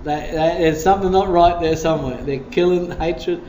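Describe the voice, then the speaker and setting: A man's voice: fairly high pitch, moderate pace, dark tone, slight background noise. A male pastor preaching a sermon with blunt, impassioned emphasis in a church meeting. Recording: roomy room, faint guitar.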